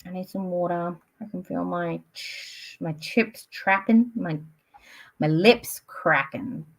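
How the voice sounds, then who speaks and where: A woman's voice: on the low side, takes it slowly, creaky. A woman, chatting casually and rambling on a live stream, full of "like" and "um". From Australia. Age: late 20s. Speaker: book streamer.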